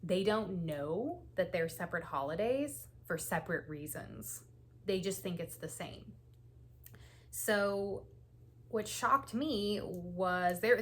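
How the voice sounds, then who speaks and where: A woman hosting a knitting channel, telling stories in a chatty, casual way with frequent laughs and lots of "like"s. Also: on the low side. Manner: chatty, laughs often, many "like"s. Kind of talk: casual knit-and-chat storytelling.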